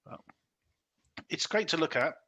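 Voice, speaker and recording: A man hosting a casual podcast chat about films, animated and full of fillers, acting out lines he quotes. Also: fairly high pitch, a little slow, dull audio. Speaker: podcast host. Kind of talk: casual film review chat.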